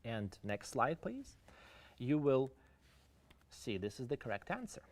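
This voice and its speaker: A man's voice: medium pitch, sing-song, a little slow, long pauses. A man with a Ukrainian accent giving an online English lesson, explaining idioms and asking viewers to answer in the chat. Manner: explains idioms, switching between English and Russian. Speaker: English teacher. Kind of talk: online lecture.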